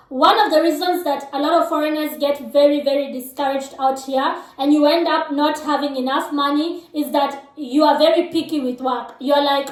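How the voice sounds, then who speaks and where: A woman's voice: high voice, normal speed, hardly any pauses. A woman from Kenya with a Kenyan accent, whose first language is Kikuyu, giving frank, direct advice to her viewers in a casual vlog. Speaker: vlogger. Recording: echoey room, mic at a distance.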